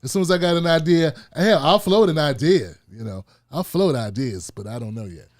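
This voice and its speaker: Male commentary host, high voice, animated, casual, repeats his points. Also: brisk. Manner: animated, repetitive, street-casual. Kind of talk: political commentary show.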